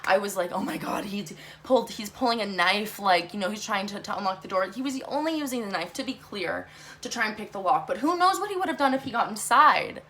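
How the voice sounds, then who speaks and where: A young woman telling a storytime vlog, talking fast and animated, swearing a lot and saying "like" often. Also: mid-range voice, a little hiss or hum. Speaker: vlogger.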